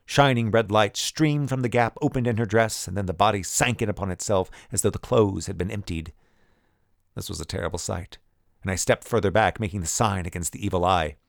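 A man reads a first-person tale in a low, gravelly voice, measured and vivid. The recording is dry and close, with no room sound. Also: dry recording. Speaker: audiobook narrator. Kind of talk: scripted first-person narration.

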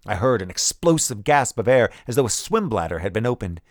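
A man reads a first-person tale in a low, gravelly voice, measured and vivid. The recording is dry and close, with no room sound. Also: big pitch swings, no room sound. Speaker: audiobook narrator. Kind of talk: scripted first-person narration.

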